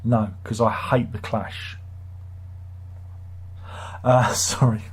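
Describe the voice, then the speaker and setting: A man's voice: lowish voice, steady tone, drawn-out words, breathy edge. A man hosting a live stream, reading chat comments and grumbling sardonically in a rambling, casual way. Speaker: livestream host.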